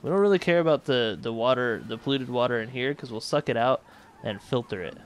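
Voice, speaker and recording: Speaking fairly quickly at a medium pitch, a let's play host manages a space colony, thinking out loud and revising what he says in easygoing gameplay commentary.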